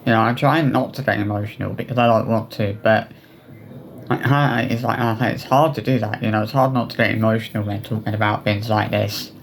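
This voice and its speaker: A man talking straight to his viewers in a personal vlog, upset and remorseful, with halting speech full of restarts and fillers. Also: medium pitch, slight background noise. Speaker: vlogger.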